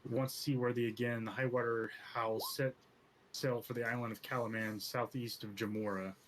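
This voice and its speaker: A man's voice: mid-range voice, slight background noise, poor audio. A man running a tabletop game as game master, reading a story aloud with small stumbles. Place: home streaming setup.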